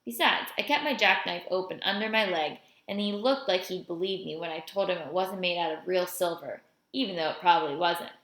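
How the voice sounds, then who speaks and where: A woman reading a children's novel aloud in a steady first-person storytelling voice. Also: lowish voice, brisk, hardly any pauses. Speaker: audiobook reader. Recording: roomy echo.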